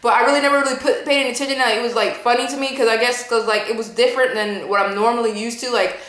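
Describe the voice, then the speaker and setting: A woman's voice: fairly high pitch, steady tone, rapid-fire, a bit bright. A woman in her twenties giving a casual, rambling movie review as a vlogger, full of loose fillers. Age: 20s. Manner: rambling, full of "like" and "you know". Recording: roomy echo.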